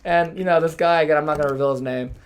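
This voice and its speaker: A man's voice: a little high, clear, resonant tone. A young man hosting a podcast, telling a story in casual chat, acting out quotes and swearing freely. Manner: fast, animated, swears freely, acts out quotes. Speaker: podcast host.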